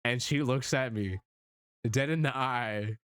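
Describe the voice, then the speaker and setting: A young man streamer telling a story in casual chat, animated, swearing often and laughing as he goes. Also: mid-range voice, unhurried, clear, resonant tone.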